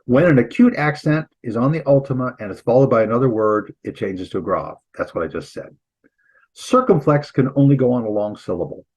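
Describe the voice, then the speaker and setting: A man's voice: on the low side, a little mellow, breathy edge, highs cut off. A man teaching an online Greek lesson as instructor and pastor, explaining patiently with informal asides. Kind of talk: online lecture.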